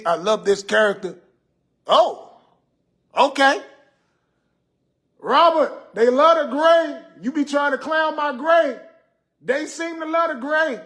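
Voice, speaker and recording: A man's voice: high voice, a bit bright, husky, full character voice. A man playing a sassy, old-school, gray-haired uncle, scolding and joking with viewers on a livestream. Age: 50s. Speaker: livestream host reading comments. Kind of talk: comedic character livestream. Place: room in a house. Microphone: phone on a ring light.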